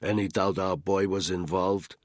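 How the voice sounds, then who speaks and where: A man voicing a cool, aloof male intelligence handler in an audiobook, measured and curt with a lecturing tone and a husky voice. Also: low-pitched, fairly even intonation, no echo, studio quality.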